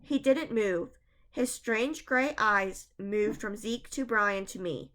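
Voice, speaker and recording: A woman's voice: mid-range voice, slow, a bit bright. Woman reading a spooky children's book. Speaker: reader.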